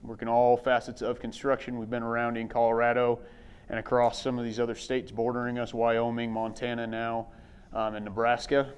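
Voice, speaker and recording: A man who is a construction safety manager, introducing his company at a conference in a steady, slightly scripted way with some fillers. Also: medium pitch, a little fast, clear, resonant tone.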